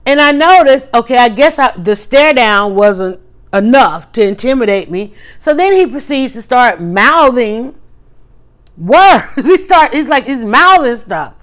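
Woman livestream host, slightly high-pitched, animated and emphatic as she tells her story. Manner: animated, talks fast with restarts and emphatic asides. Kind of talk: casual storytelling to viewers.

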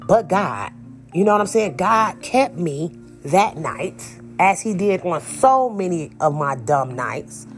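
A woman's voice: on the low side, sing-song, slow, soft background music. A woman telling a personal story in a casual, candid, emphatic way, speaking straight to her viewers.

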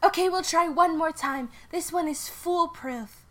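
A woman voicing a cheerful young woman psychic medium who talks in a bright, matter-of-fact way. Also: extremely high pitch, unhurried, voice pushed up. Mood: chirpy.

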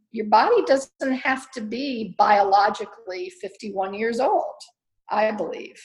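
A woman's voice: fairly high pitch, gravelly, poor audio. A woman who runs her own training studio, answering interview questions in an earnest, encouraging way with frequent fillers. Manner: earnest, encouraging, talks through ideas with many fillers.

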